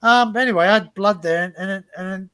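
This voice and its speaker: A man's voice: high voice, moderate pace, bright, forceful tone, clean tone. An Australian man hosting a casual livestream panel chat over a video call, rambling and laughing as he repeats himself. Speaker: host.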